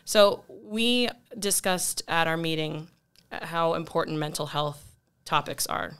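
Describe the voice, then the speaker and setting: A woman's voice: deep voice, a little slow, fairly bright tone, clear, resonant tone. A woman co-hosting a podcast in a chatty casual way. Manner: chatty, laughing easily. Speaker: podcast co-host.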